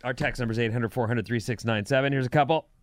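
A man's voice: mid-range voice, quick pace, no room sound. Conversational male radio host, dry sound. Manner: conversational, self-interrupting. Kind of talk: casual radio chat.

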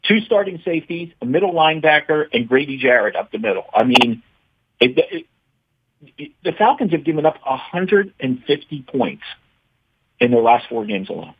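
A man's voice: a little high, very animated, normal speed, breathy edge, phone-quality sound. A man calling in as the show's regular guest analyst, talking emphatically and stumbling over repeated words as he starts his points. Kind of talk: phone-in sports analysis.

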